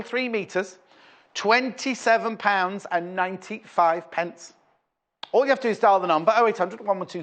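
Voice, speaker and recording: A man's voice: on the high side, fairly bright tone. A man presenting fabric on a live shopping channel, chatting in a rambling, playful way between prices. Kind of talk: live TV sales chat. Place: TV studio.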